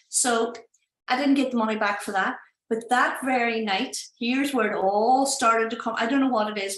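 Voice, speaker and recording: An Irish woman, a project founder, telling a story in casual, animated talk and acting out the people she quotes. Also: a little high, echoey room, poor audio. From Ireland. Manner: animated, acts out voices in quotes.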